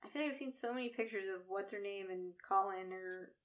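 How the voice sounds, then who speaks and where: A woman co-hosting a podcast in casual chat, relaxed and playful in how she talks. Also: medium pitch, a little fast. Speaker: podcast co-host.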